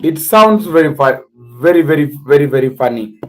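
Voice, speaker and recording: East african guy chatting on a livestream, teaching words slow, spells them out letter by letter. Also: a little high, expressive, background noise. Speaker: livestream host. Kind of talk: casual livestream chat.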